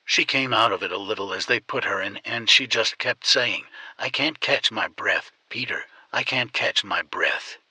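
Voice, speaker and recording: A man's voice: fairly low pitch, pushed and bright, husky, no room sound, exaggerated voice. A man reading a shaken older father. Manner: halting, breaking voice. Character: shaken older father, struggling to stay calm.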